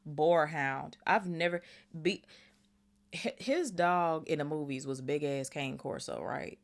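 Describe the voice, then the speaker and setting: Low-voiced woman reading with excited asides. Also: slow, creaky. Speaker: podcast host reading aloud. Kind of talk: reading aloud with reactive commentary.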